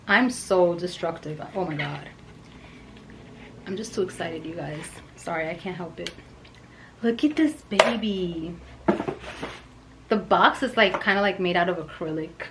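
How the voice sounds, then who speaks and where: A woman reviewing perfume in a vlog, gushing and excitable, with soft whispered asides. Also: lowish voice, unhurried, pauses often, noisy background. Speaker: fragrance reviewer.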